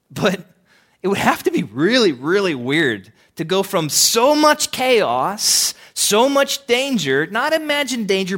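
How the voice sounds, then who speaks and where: Animated male pastor preaching. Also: fairly high pitch. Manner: animated, swinging from loud emphasis to hushed. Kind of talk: sermon.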